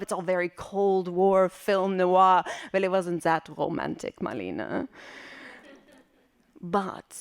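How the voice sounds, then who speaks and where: A woman performing a personal story on stage, wry, vivid and theatrical. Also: medium pitch. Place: library auditorium stage.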